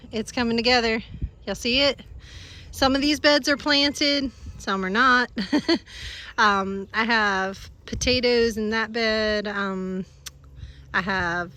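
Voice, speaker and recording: A woman, chatting casually and telling an animated story outdoors on her farm. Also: medium pitch. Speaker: farm vlogger.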